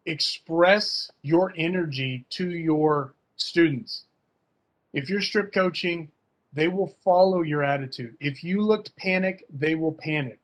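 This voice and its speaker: A man talking casually and emphatically as a fencing coach in an online workshop, full of slang. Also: a little high. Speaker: fencing coach and guest speaker.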